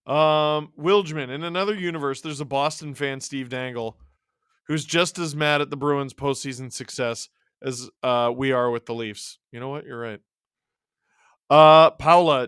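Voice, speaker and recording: A man's voice: mid-range voice, smooth, dry recording, studio quality. A man hosting a live watch-along stream, calling the game, yelping at big plays and joking with his chat. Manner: excitable, yelps and shouts at big plays; jokey banter with chat. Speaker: streamer and show host.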